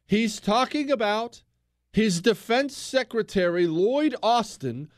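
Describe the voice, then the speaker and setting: A man's voice: high voice, takes it slowly, no echo, studio quality. An American man hosting a political talk show, speaking emphatically and acting out quotes. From United States. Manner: animated, emphatic, acts out quotes.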